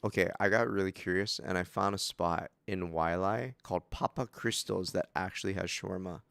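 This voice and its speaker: A man from Hawaii, co-hosting a casual chat in a relaxed, joking way. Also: low voice, moderate pace, creaky, smooth, no echo. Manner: laid-back, says dude a lot, laughs easily. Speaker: podcast co-host.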